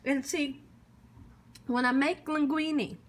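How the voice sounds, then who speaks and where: A woman's voice: sits high, steady tone, slow pace. A woman hosting a casual cooking vlog, tasting her dish on camera with lots of savoring hums and exclamations, talking straight to the viewers. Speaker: cooking channel host.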